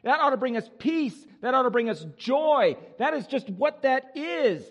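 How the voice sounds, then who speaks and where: A male pastor preaching an animated, joking sermon with exuberant energy. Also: very high voice, normal speed, in a large hall.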